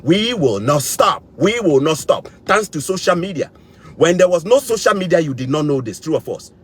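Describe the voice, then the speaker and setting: Young man, fervent to-camera monologue with big swings in pitch. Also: sing-song, normal speed, husky. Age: young adult. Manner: fervent, repeats phrases for emphasis, rallying. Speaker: vlogger.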